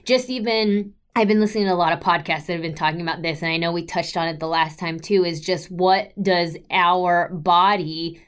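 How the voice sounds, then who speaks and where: A woman's voice: fairly low pitch, steady tone, normal speed, few pauses, smooth. A woman co-hosting a podcast, thinking aloud in a chatty, reflective way with lots of fillers. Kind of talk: casual podcast chat.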